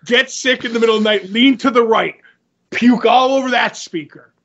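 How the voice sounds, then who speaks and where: A man co-hosting a podcast, telling animated stories with frequent laughter in casual chat. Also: extremely high pitch, moderate pace, lo-fi sound. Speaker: podcast co-host.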